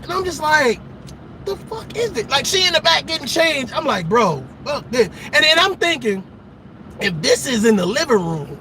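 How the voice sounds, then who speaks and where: A man's voice: very high voice, background noise. A man giving dating advice in a casual, profane storytelling monologue, laughing at his own stories.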